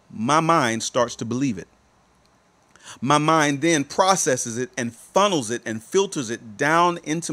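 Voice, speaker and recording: A male life coach giving a motivational talk to listeners, repeating rhetorical questions and moving between soft, drawn-out phrases and emphatic ones. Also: on the high side.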